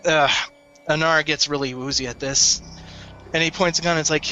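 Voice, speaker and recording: A man runs a tabletop game, describing scenes with a bright, forceful tone. His voice sits a little high, and he halts now and then to find words. Faint music plays behind him. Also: steady tone, muffled recording. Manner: descriptive, halting with fillers. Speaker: game master.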